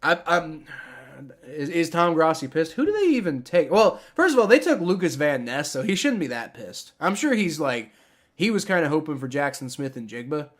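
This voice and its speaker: A young man on a live stream, talking with a lively, bouncing pitch that sits a bit high for a man. He rambles, restarts his sentences and swears freely as he reacts. It sounds like a desk mic at a home streaming setup. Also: normal speed. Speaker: streamer reacting to a sports draft.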